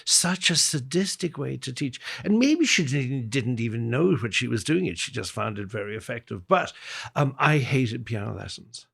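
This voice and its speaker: Irish-born male guest, gravelly and husky, animated anecdote teller, middle pitch. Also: moderate pace. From Ireland. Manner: lively anecdotal telling with quoted voices. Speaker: guest pianist. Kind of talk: storytelling in an interview.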